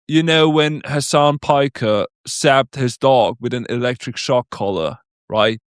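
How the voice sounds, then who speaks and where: A man's voice: mid-range voice, a little slow, clean tone, no room sound, clean studio sound. A man hosting a casual chat, joking crudely and calling his co-host "mate".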